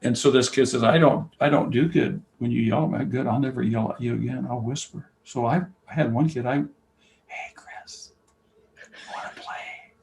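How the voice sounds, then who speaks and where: An older man speaks with a gravelly, rough-edged voice. He tells stories in a conversational interview, acting out what people said and swinging from near-shouting to a whisper. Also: mid-range voice, fairly quick, few pauses, a little hiss or hum, low-quality recording. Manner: animated storyteller, acts out quoted dialogue, swings from loud to whispering. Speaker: basketball coach and camp founder, guest.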